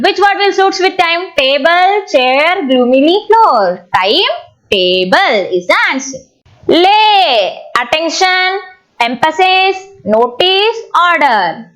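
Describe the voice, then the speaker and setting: Woman, grammar teacher, slow delivery, stretches words to show syllables. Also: sits high, fairly bright tone, poor audio. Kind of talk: exam-prep English grammar lesson.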